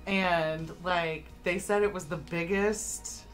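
A woman's voice: fairly low pitch, fairly even intonation, slow, soft background music. A woman playing a tabletop mystery game, telling a story in casual chat with lots of "like" fillers. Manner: chatty storyteller, many "like" fillers.

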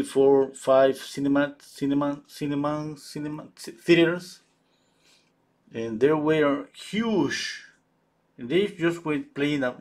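Male painter, husky voice, halting live-stream chatter with many restarts. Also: mid-range voice, a little mellow. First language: Spanish. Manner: halting, searches for English words, many restarts. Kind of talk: casual chat while painting live.

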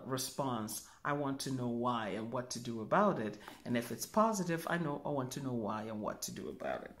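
A woman spiritual teacher giving a calm demonstration, musing aloud and humming softly as she thinks. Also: very deep voice. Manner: slow, musing, thinks aloud with soft hums.

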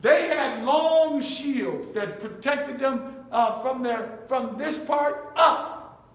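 A high-pitched man preaches with a bright, unhurried delivery, leaning on short repeated commands and call-and-response with his congregation. His voice rings through a very echoey church room. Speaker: bishop preaching. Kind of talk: sermon. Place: church sanctuary.

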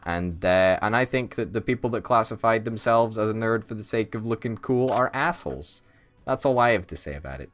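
A man's voice: on the low side, lively intonation, fairly quick, a bit bright, soft background music. A man hosting a let's play, bantering casually and swearing freely in mock outrage on a voice call.

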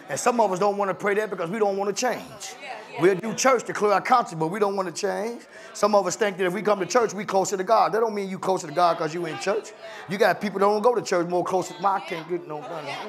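High-voiced man preaching with fervor. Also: gravelly. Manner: impassioned preaching, rising into shouts and sung phrases; colloquial, repeats "my God" as a refrain. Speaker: pastor. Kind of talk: preaching a sermon.

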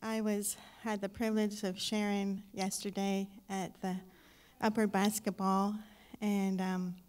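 A woman's voice: mid-range voice, level tone, measured pace, darkish tone, smooth. A woman giving an emotional, hesitant testimony in church, sometimes close to tears. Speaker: guest speaker sharing a testimony.

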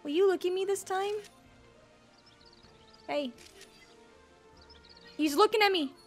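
High-voiced bubbly woman gaming commentator. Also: takes it slowly, soft background music. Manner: bubbly, squeals and gasps at cute moments, jokey asides. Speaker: gaming video creator. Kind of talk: playful let's-play commentary.

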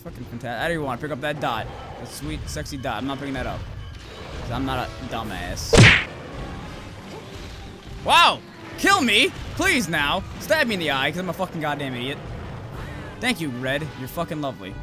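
A man giving casual gameplay commentary as a let's-play host, swearing freely and yelling insults at the monster he fights. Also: mid-range voice, big pitch swings, quick pace. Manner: profane, yells insults at the monster. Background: game music.

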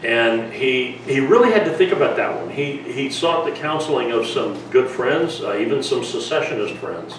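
A man's voice: medium pitch, animated, normal speed, few pauses, background noise. A man giving a chatty museum history lecture, telling stories with fillers and restarts. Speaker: lecturer and documentary filmmaker. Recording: echoey room, mic from far off.

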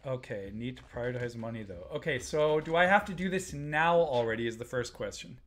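A man's voice: mid-range voice, expressive, a little fast, a bit bright. A man hosting a live stream, giving casual gameplay commentary, muttering to himself and chatting with viewers as he plays.

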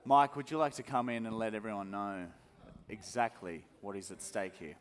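A man's voice: on the low side, moderate pace, in a large hall. A man co-hosting a live comedy show and talking to the audience on stage. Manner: animated, addressing audience.

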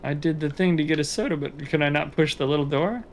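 A man's voice: on the high side, fast talker, slight background noise. A man casually commenting while playing a video game, joking and talking back to the characters. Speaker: game streamer. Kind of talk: let's play commentary.

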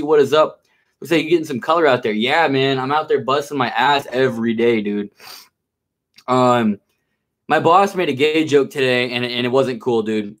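A man streaming live, chatting casually with his viewers. He is laid-back and slangy, calls everyone bro and dude, and turns nervous and coaxing while he handles a big snake. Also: medium pitch.

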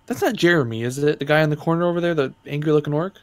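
A man with a slightly high voice plays his character in a tabletop game. He jokes and swears casually, reacting to the other players. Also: rapid-fire. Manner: joking, swearing.

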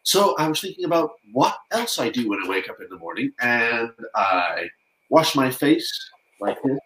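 A man's voice: mid-range voice, big pitch swings, moderate pace, roomy sound, low-quality recording. A man hosting a children's sing-along, singing playful wake-up songs with actions. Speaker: children's singer host. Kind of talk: singing along with guitar for kids. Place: home.

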